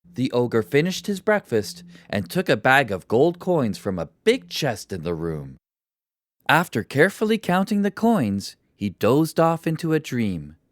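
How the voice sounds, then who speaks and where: A narrator reading a children's story for English learners in a slow, deliberate and expressive way. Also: mid-range voice, dry recording, studio quality.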